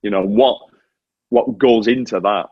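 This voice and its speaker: A British man in his forties, once a motorcycle racer, chats animatedly as an interview guest over a remote link, telling self-deprecating stories in British English. His voice is on the low side and husky, with a measured pace. The audio is dull, with no echo.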